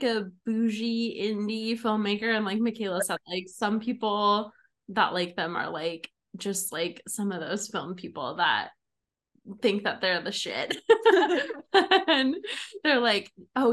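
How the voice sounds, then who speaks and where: At a measured pace, a young woman with a medium-pitched, fairly bright voice hosts a podcast and chats casually with friends. Giggly and chatty, she laughs often and keeps saying "like."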